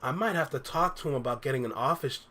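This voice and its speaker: A man's voice: medium pitch, fast, bright, forceful tone. A young man casually chatting with his viewers on a livestream, laid-back and full of slang, reading out and answering chat messages. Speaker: reaction streamer.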